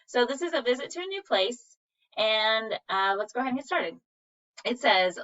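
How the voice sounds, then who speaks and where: A woman's voice: a little high, lively intonation, normal speed, a bit bright. A woman teacher giving a recorded reading lesson, patiently sounding out words syllable by syllable. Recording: dull, slightly distant recording.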